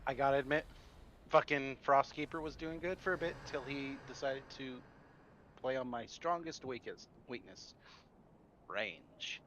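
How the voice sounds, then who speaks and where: A man's voice: medium pitch, measured pace, a bit bright, a little hiss or hum. A man joking and bantering on a game stream. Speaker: co-player on the stream. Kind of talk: casual banter.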